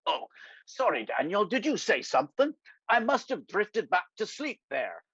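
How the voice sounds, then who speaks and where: A man voicing a dry-witted older politician, gruff and sardonic. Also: high-pitched, sing-song, normal speed, sharp tone, no room sound, voice pushed up, full character voice. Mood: wry, teasing. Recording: dry, slightly dull lo-fi sound.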